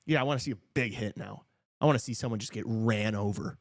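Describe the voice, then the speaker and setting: A man hosting a casual live talk show, reacting to a hockey game with excited outbursts and jokes. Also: on the low side, fast, a little hiss or hum. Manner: excitable, shouts at big plays, joking. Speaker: podcast host watching a hockey game.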